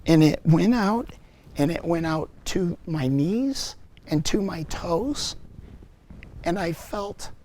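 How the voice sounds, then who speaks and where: A man giving a personal testimony to a parents group, telling his story earnestly and reflectively, with halting restarts. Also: high voice, mellow, a little hiss or hum.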